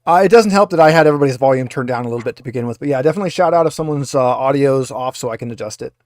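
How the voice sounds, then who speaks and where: Over a video call, a man narrates a tabletop game as its game master, rambling along with plenty of filler "uhs." His mid-range voice comes rapid-fire, with no room sound and studio-quality audio.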